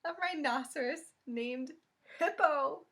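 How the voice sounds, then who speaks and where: Storybook porcupine, polite gentle young male, higher and brighter than the narrator as a woman plays him. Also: lively intonation, takes it slowly. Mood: delighted. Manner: polite, questioning. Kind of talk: picture book read-aloud.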